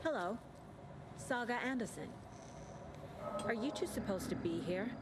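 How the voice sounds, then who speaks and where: An actress playing a measured, inquisitive female federal detective in a video game. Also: on the high side, lively intonation. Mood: questioning. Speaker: FBI detective. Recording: game audio with ambient noise.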